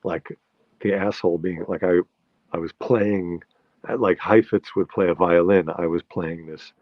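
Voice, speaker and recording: A man's voice: sits low, fairly even intonation, a little slow, no room sound, lo-fi sound. A man from New York hosting a live-stream chat, telling rambling anecdotes with many restarts and answering viewer comments. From New York, USA. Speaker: show host.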